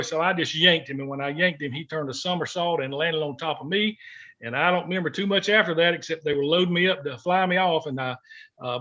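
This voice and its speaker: A middle-aged man with a drawl tells a story in a folksy, heartfelt way, his voice catching now and then. His tone is bright and tense, a touch higher than most men's. The recording sounds dull and lo-fi. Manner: folksy, heartfelt, gets choked up. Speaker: guest, former gospel singer. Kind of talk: emotional storytelling interview.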